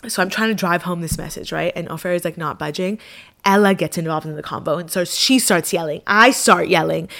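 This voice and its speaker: A woman casually telling a personal travel story to camera, chatty and animated, with many fillers. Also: lowish voice, fairly quick, vocal fry. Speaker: vlogger.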